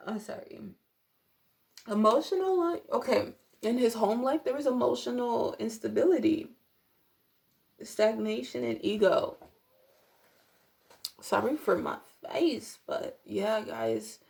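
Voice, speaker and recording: Rambling woman with a gravelly voice. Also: a little high, lively intonation, takes it slowly, pauses often. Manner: rambling, filler-heavy, apologetic asides. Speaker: tarot reader. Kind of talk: casual tarot reading vlog.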